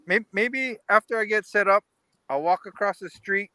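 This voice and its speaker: A man's voice: sits high, normal speed, pushed and bright, clear, resonant tone, no room sound. A man guesting on a livestream over a video call, laid-back and rambling, full of fillers. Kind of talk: casual livestream chat.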